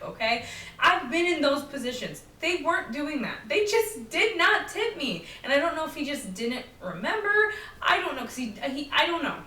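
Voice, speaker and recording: A woman's voice: sits high, fairly quick. Chatty woman podcaster in a roomy space. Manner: animated, chatty, acts out quotes. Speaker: podcast host. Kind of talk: solo podcast storytelling. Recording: roomy, slightly distant mic with faint noise.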